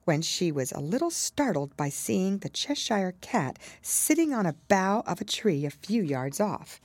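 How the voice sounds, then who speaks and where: A woman reading a storybook aloud in an expressive, measured way. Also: fairly low pitch, dry recording. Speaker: storybook reader. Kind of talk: storybook narration.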